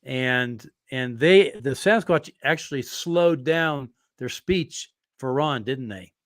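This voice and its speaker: Man, podcast host, relaxed storyteller, dry close sound. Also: mid-range voice, no room sound. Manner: relaxed storytelling, drawn-out fillers. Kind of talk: casual interview chat.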